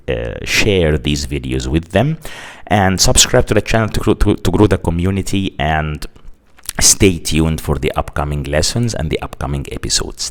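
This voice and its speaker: A man teaching an English grammar lesson, saying example phrases slowly and deliberately and repeating his points. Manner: lively rise and fall in pitch when explaining.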